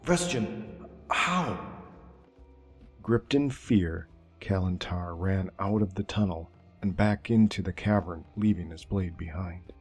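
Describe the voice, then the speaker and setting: A man narrating a dark fantasy story in a slow, measured way. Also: low voice, husky, soft background music.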